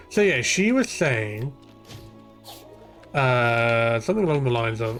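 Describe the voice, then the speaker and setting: A man's voice: mid-range voice, slow, pauses often, soft background music. Man ranting over a game stream. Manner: swears freely, rambling and animated. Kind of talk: ranting live gameplay commentary.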